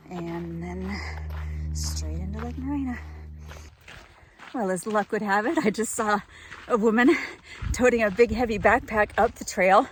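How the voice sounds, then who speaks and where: A woman narrates her hike in a cheerful, chatty way, laughing often as she talks. She records outdoors on a mountain trail with a handheld camera, and faint noise sits behind her voice. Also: medium pitch. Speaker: hiking vlogger. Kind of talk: casual vlog narration while hiking.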